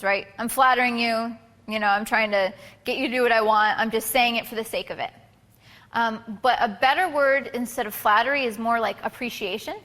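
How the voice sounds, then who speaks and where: A woman's voice: fairly high pitch, bright, forceful tone. A woman giving a casual, chatty photography workshop talk to a live group, full of fillers and restarts. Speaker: photography instructor. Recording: reverberant hall recording.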